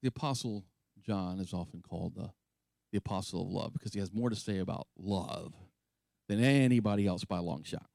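A man's voice: a little fast, creaky, darkish tone, dry recording. A man preaching a sermon, passionate and emphatic, with chatty asides to his congregation. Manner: impassioned, rising to high emphatic peaks when quoting scripture. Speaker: pastor.

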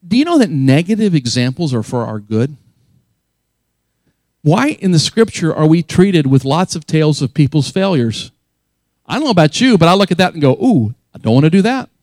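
A man's voice: a little high, sing-song, normal speed, darkish tone, dry recording. A man preaching a sermon as pastor, earnest and emphatic, often repeating key phrases for weight.

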